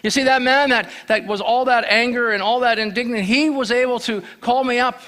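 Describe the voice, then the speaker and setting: Man, sermon, guest preacher, high voice, bright tone, stumbling storyteller. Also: steady tone, a little fast. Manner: plain storytelling with restarts and repeated words. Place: church sanctuary.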